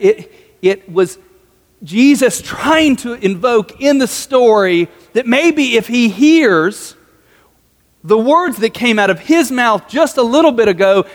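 Pastor guy giving a chatty sermon, pretty high voice, long reverb like a big church hall. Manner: conversational, with jokey asides.

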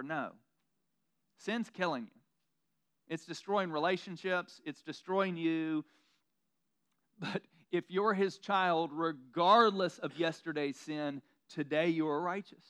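A pastor preaching a sermon in a conversational, self-deprecating way, slipping into mocking quoted asides. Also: male voice, a little high, unhurried, fairly bright tone, clear, resonant tone.

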